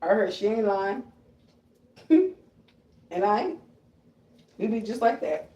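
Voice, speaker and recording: A woman ranting on a live stream, loud and confrontational, telling stories and breaking into shrieking imitations. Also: mid-range voice, sing-song, slow pace. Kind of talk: blunt profane live-stream rant. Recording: roomy echo, voice a bit far from the mic.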